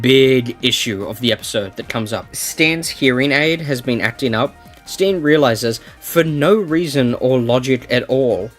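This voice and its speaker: A man reads his scripted review with keen, emphatic energy, leaning on repeated words to drive a point home. His voice sits at a medium pitch. Faint music plays softly underneath. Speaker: video essayist reviewing a cartoon series. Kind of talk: scripted commentary narration.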